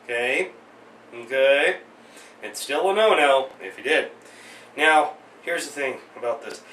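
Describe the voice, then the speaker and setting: A man's voice: medium pitch, a little slow, a bit bright, echoey room, distant mic, a little hiss or hum, rough recording. A man in his thirties hosting a weekly rant, sarcastic and exasperated, with joking asides. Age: 30s. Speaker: vlog host. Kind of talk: ranting commentary.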